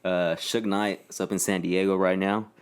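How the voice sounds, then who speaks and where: Low-voiced young guy, smooth, chill, reading news on a podcast. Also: little pitch movement, normal speed. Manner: laid-back, reads off news items. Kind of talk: casual chat.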